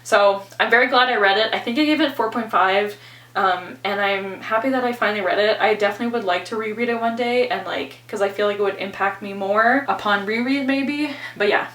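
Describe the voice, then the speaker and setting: A woman's voice: mid-range voice, fairly quick, fairly bright tone, far from the mic. Giggly chatty woman in a roomy echo. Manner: chatty, giggly, lots of "like" and "anyways". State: out of breath. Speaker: book vlogger. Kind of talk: casual reading vlog.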